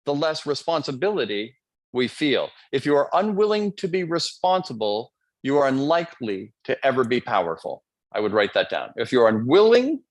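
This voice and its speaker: A man hosting a live online seminar as a motivational coach, talking energetically and playfully, addressing the audience directly. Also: medium pitch. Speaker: motivational coach, event host.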